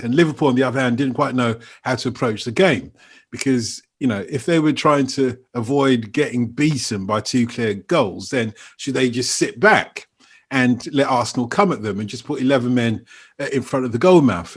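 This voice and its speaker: A man's voice: medium pitch, slightly rough. A man hosting a podcast, explaining at length and laughing easily. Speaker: podcast host. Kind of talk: casual chat.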